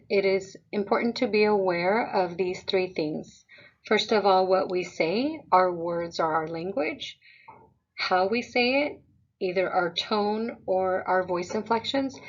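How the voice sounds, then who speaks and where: A woman presenting a parent webinar for a school district, explaining things in a calm, measured way. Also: mid-range voice, muffled recording.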